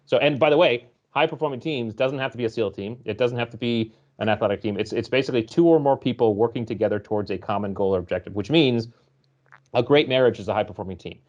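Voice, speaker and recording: A man being interviewed as a guest author, explaining ideas and telling stories in a lively conversational way. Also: mid-range voice, fast, muffled recording. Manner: storytelling, explanatory, animated when recounting.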